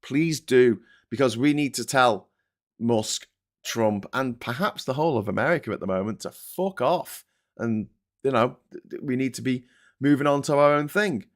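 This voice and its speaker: A British man hosting a casual political commentary show, talking in a lively, rambling way with frequent swearing and restarts. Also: mid-range voice, normal speed. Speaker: host of a live commentary show.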